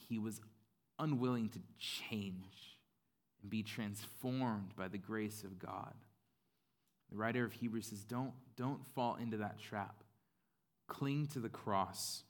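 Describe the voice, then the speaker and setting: A man's voice: fairly low pitch, measured pace. A man preaching a sermon in a casual, conversational way, with plenty of fillers. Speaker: pastor.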